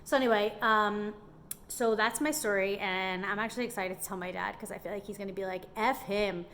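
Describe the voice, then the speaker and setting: A young woman chatting casually in a vlog, telling a story in an animated way and acting out the people in it, with lots of "like" and "um". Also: mid-range voice, a little fast, a little hiss or hum. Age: young adult. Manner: chatty, many fillers like "like" and "um". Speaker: small business owner.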